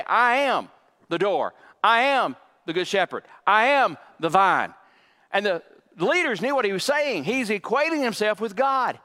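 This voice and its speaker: High-voiced emphatic preacher in a big hall. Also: male voice, pushed and bright. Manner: emphatic preaching with dramatic pauses and dry asides. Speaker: pastor. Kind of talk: sermon. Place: church sanctuary. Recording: long reverb of a large hall.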